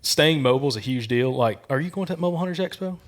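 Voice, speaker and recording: A man from Alabama with a Southern accent, hosting a casual podcast chat and telling animated stories. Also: mid-range voice. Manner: fast, animated storytelling with acted quotes. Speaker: podcast host.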